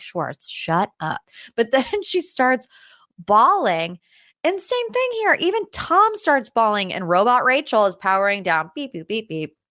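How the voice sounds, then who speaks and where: A young woman hosting a podcast, recapping a reality TV reunion in casual, opinionated chat with animated quotes. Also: mid-range voice, no echo, clean studio sound. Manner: chatty and opinionated, animated quoting. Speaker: podcast host.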